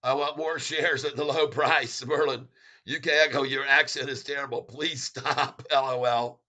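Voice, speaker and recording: A man's voice: mid-range voice, fairly even intonation, moderate pace, sharp tone. A man hosting a casual stock livestream, chuckling often as he reads the chat aloud and talks straight to viewers.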